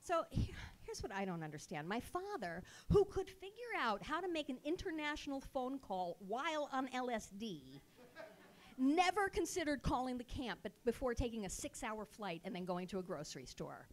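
Woman, live storytelling, sarcastic comic delivery, stage mic, high lively pitch. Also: normal speed.

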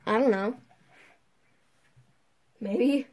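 A young adult woman chatting casually while playing a game, excitable and quick to poke fun at herself. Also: medium pitch, low-quality recording. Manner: chatty, excitable, self-mocking. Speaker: gamer. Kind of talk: casual gameplay chat.

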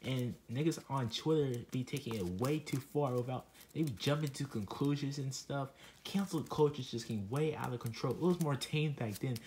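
A man's voice: mid-range voice, a little mellow, a little hiss or hum, close to an everyday voice. A man voicing a laid-back teenage puppet friend who drawls casually and says dude constantly. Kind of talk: comedic puppet skit voice.

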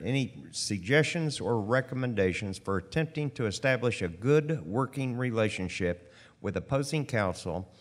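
A man moderating a panel, reading out questions with halting restarts. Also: mid-range voice. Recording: long reverb in a conference hall.

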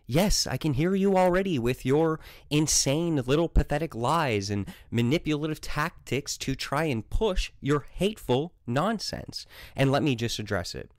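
A man's voice: a little high, animated, moderate pace, no room sound. A man with a French accent, a native French speaker, delivering a heated, sarcastic monologue as a Christian vlogger. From French Canada. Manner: combative, sarcastic, scolding.

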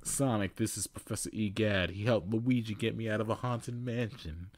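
A man's voice: on the low side, normal speed, lightly acted. A man voicing an earnest, brave male plumber hero who is the older brother, in a heroic manner.

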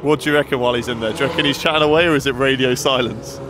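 A man's voice: medium pitch, racing. A man commenting playfully and teasing his friends at the side of a race track. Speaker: presenter watching trackside. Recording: loud engine noise.

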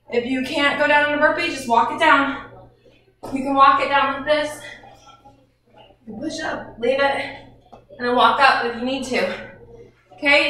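A woman's voice: high voice, sharp tone, very echoey, far from the mic, poor audio. A woman fitness instructor coaching a workout, out of breath and encouraging between exercises.

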